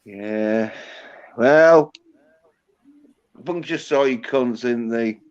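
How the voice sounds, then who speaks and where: Speaking very slowly, this medium-pitched host has a clear, resonant tone. On dull lo-fi stream audio, he rambles and teases his guest in casual, heavily profane talk.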